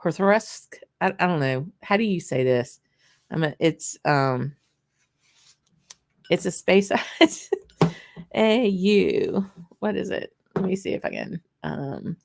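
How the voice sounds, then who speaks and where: Woman, low voice, chatty livestream host, rambling, laughs often. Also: expressive, slow pace, gravelly, long pauses, darkish tone. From Louisiana, USA. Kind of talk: casual live tasting chat.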